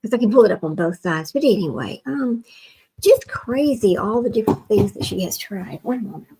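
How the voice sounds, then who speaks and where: A woman's voice: medium pitch, lively intonation, normal speed, dark tone, slightly rough, low-quality recording. A woman hosting a livestream in a casual chat, talking to herself while she works her screen, often dropping to a near whisper. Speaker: livestream host.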